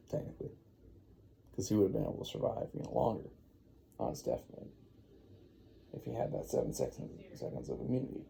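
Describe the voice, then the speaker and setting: Gravelly, rambling dad telling a story. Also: male voice, deep voice, very animated, fairly quick, pauses often, warm tone, slight background noise. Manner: rambling, laid-back, full of "you know". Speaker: father. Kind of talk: improvised bedtime storytelling.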